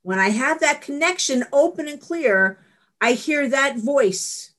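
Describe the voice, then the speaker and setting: A woman's voice: sits high, animated, unhurried, a bit bright. A middle-aged woman giving a candid, rambling personal share at a support meeting, laughing at herself. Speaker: recovery meeting speaker.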